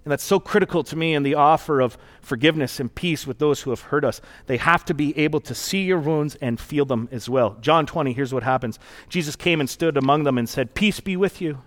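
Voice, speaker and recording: A man's voice: fairly high pitch, fairly quick, hardly any pauses. A man preaching a sermon as pastor, in an earnest, conversational and reflective storytelling manner.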